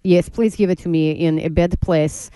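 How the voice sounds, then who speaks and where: A woman's voice: on the low side, moderate pace, clear, resonant tone, dry recording, pitched above the performer's own voice, lightly acted. A woman doing a bawdy fake-Russian Natasha. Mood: bawdy deadpan. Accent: put-on Russian. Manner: broken English, bawdy deadpan storytelling. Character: brash Russian woman named Natasha, crude and teasing.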